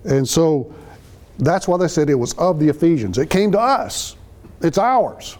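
A man's voice: a little high, very animated, a little slow, a little mellow. A man giving a conversational sermon, reading verses and explaining them phrase by phrase. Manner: conversational, explains each phrase, acts out quotes. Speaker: Bible teacher.

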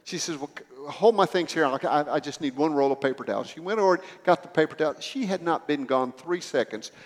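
A man's voice: fairly high pitch, animated, quick pace, big-room sound. A man preaching a sermon, telling a story with acted dialogue and building to emphatic swells.

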